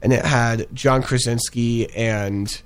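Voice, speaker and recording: A young man with a smooth, medium-pitched voice speaks slowly in a steady tone. As a co-host reviewing ads, he chats casually about ones he's seen, rambling with plenty of fillers and restarts.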